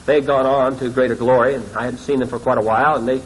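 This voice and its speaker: A male pastor tells a dream story in a dramatic sermon, often sinking to hushed, ashamed tones. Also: medium pitch, fairly even intonation, fast, slight background noise, poor audio.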